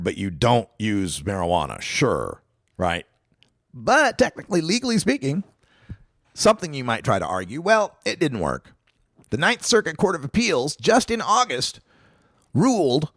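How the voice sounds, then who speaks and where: Sardonic talk show guy ranting, gravelly voice, pitch bouncing all over. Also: dry recording, studio quality. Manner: sardonic, animated, argumentative. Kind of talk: solo radio commentary.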